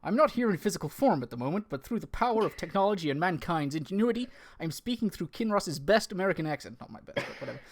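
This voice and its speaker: A man's voice: sits high, animated, fast, hardly any pauses, voice pushed up. A man reading a friend's comic game review script aloud in a put-on West Country accent. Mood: mock-grand. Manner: amused, stumbling over mild fake swears. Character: absent male co-host read aloud, mock American-turned-West Country.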